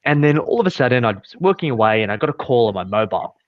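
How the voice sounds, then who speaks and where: A man's voice: medium pitch, big pitch swings, rapid-fire, dry recording. A man, co-hosting a podcast in a casual, blunt, storytelling way. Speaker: podcast co-host, financial adviser. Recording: dull, dry sound.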